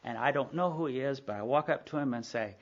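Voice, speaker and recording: A middle-aged man with a mid-range voice talks fast while telling a meeting about his recovery. He keeps it candid and conversational, with lots of asides and acted-out dialogue, recorded on dull lo-fi tape of the live talk.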